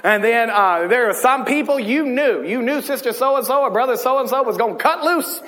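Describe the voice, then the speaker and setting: A man with a high voice preaches with lively humor and keeps asking the congregation questions. His voice rings out in the long reverb of a large church hall. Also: normal speed. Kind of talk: sermon.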